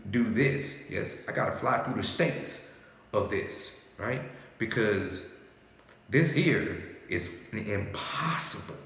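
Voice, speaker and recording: A man giving a free-flowing spiritual monologue, with loose slangy talk and repeated "yes?" and "right?" tags to his listener. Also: medium pitch. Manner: soothing repeated "calm down". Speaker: spiritual speaker. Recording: very echoey room with long reverb.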